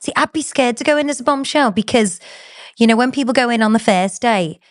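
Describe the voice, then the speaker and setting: A woman's voice: fairly high pitch, fairly quick. A woman hosting an interview, listening closely and asking short questions. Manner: attentive, brief affirmations and questions. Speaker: host.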